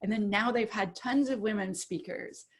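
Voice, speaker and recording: A woman guest on a podcast telling a story casually, laughing often and acting out what others said in a lively way. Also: medium pitch, moderate pace.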